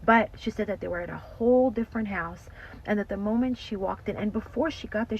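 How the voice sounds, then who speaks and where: A woman telling a story in a casual, animated way, full of "like" and "you know". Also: medium pitch, fairly quick, slight background noise, low-quality recording. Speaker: storytime host.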